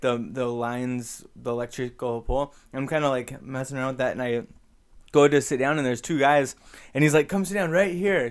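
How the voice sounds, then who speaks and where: A young man spins a personal anecdote in a loose, rambling way, stopping and restarting often. His voice is smooth and clear, sitting at an everyday middle pitch. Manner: rambling, many fillers and restarts. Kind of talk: casual personal storytelling.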